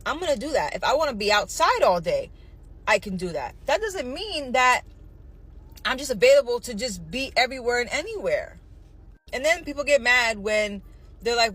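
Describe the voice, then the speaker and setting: A woman's voice: fairly high pitch, very animated, a little fast, a bit bright, breathy edge, low-quality recording. A woman ranting heatedly and defiantly, swearing about her time off. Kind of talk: casual rant.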